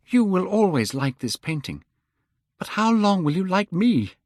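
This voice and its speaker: Man voicing a desperate, vain young beauty for a storybook reading, pitched up, lively. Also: unhurried, no room sound, studio quality, full character voice. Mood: bitter. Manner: anguished, pleading.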